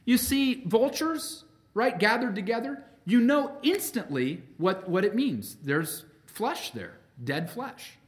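A man preaching a sermon as pastor, emphatic, swinging between loud peaks and quiet drops, calling his listeners friends. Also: high-pitched, big pitch swings, takes it slowly. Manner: addresses the congregation as friends.

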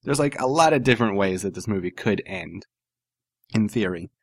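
Male podcast co-host, sarcastic and animated, close dry studio sound. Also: on the low side, normal speed, dry recording. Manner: animated, sarcastic, laughs often. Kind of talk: casual podcast banter.

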